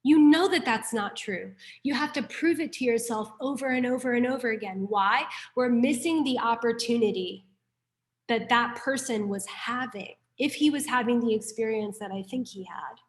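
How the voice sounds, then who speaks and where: A woman's voice: a little high, moderate pace. A young woman from New York City teaching a Buddhist class in a casual, chatty way, telling stories and peppering her talk with "like". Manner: chatty, frequent "like", animated storytelling.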